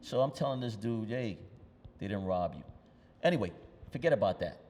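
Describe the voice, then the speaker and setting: Animated and low-voiced, this middle-aged New Yorker, a graffiti artist sitting on an outdoor panel, spins loose anecdotes and performs other people's lines. His pace is moderate, his tone darkish, and the large space adds a long reverb.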